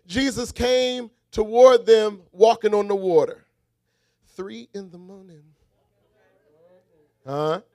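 High-voiced man preaching a sermon. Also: dry recording, clean studio sound. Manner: rhythmic call-and-response preaching, swings from shouted refrains to quiet asides.

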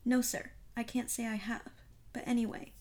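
A woman's voice: fairly high pitch, little pitch movement, normal speed, darkish tone, close to an everyday voice. Brief: woman playing a courteous hotel maid, plain audiobook reading. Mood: polite. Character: hotel chambermaid, woman, polite and helpful.

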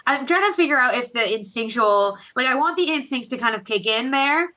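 A woman playing a tabletop game, chatting casually, laughing easily and talking in quick bursts. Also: high voice, expressive, sharp tone, rough recording. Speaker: player.

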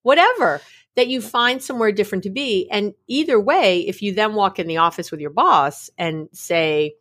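A middle-aged woman, a guest expert on mindfulness, explains the subject in casual conversation with a mid-range voice at a moderate pace. She tells stories animatedly, acting out little scenes and quotes with laughs.

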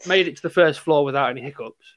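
A young man with a slightly raised voice spins a school anecdote in loose podcast chat. He is animated and swears freely, slipping into the voices of the people he quotes. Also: a little high, quick pace. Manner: animated, sweary storyteller who acts out quotes. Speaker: podcast co-host. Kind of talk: casual storytelling chat.

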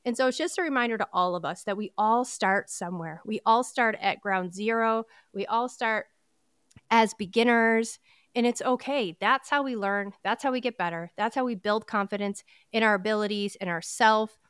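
Smooth-voiced woman, candid podcast host. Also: mid-range voice, fairly bright tone, no echo, clean studio sound. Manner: earnest, candid, encouraging, with quick restarts. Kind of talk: personal motivational podcast talk.

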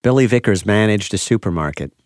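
Low-voiced male news narrator. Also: animated, brisk, a little mellow. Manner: plain, factual delivery. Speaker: narrator, reporter. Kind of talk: scripted narration.

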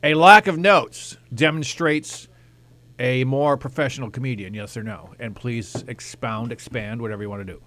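A man's voice: mid-range voice, normal speed, background noise, pitched below the performer's own voice, close to an everyday voice. A man putting on a formal news anchor voice to interview fellow comedians. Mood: mock-formal.

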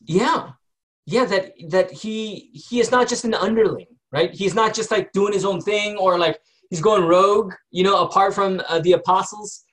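A man's voice: high-pitched, normal speed, fairly bright tone. A man leading a group Bible study in a conversational way, often asking the group questions and using many fillers.

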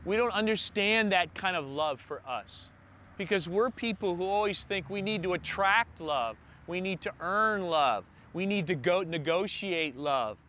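Slow, bright-voiced man preaching. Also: high-pitched, expressive, slight background noise. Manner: preaching with slow emphatic pauses. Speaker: pastor. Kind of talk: sermon.

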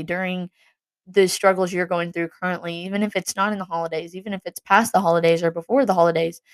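A woman's voice: mid-range voice, dry recording. A young woman giving a casual, earnest faith talk, rambling with fillers and restarts. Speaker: Christian vlogger.

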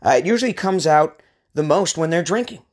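A man's voice: fairly high pitch, animated, a little fast. A man in his thirties from the US West Coast, hosting a podcast with a rambling, ranting comic monologue. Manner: ranting, rambling, crude jokes. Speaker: podcast host. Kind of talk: comedic monologue.

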